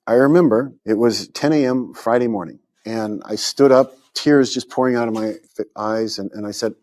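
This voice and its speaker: A man's voice: medium pitch, moderate pace, a little mellow. A man, a guest in an interview, telling a personal testimony earnestly, often repeating words as he goes. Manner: earnest storytelling with stammered repeats and quoted inner thoughts.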